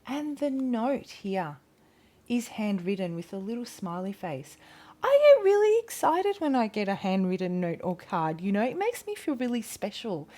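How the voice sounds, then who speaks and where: A woman's voice: mid-range voice, big pitch swings, normal speed, dark tone. An Australian woman reading tarot in a casual vlog, chatty and enthusiastic, often breaking off mid-sentence. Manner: chatty, enthusiastic, self-interrupting. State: out of breath. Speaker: tarot reader.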